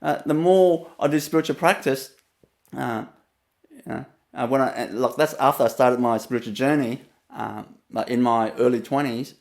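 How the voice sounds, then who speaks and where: In a mid-range voice, a spiritual teacher from Vietnam relates a personal story with a Vietnamese accent. He pauses on fillers and laughs often as he moves from phrase to phrase.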